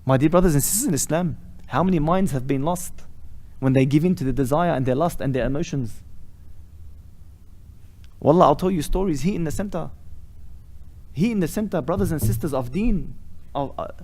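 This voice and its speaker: A man's voice: fairly high pitch, fairly quick, long pauses, darkish tone. A man delivering an impassioned sermon as a sheikh, building to emphatic rhetorical questions and reciting Arabic phrases. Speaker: sheikh giving a weekly lesson.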